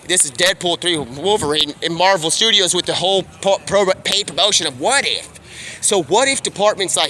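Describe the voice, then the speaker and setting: A man streaming live, telling a rambling, improvised stream-of-consciousness story and slipping into quick quoted voices. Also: high-pitched, lively intonation, bright, forceful tone, a little hiss or hum.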